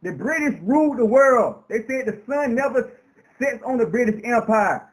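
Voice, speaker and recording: Fiery high-voiced man preaching his point. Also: expressive, moderate pace, poor audio. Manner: preacher-like, building rhetorical questions; repetitive, emphatic phrasing. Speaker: interview guest. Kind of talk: impassioned radio interview talk.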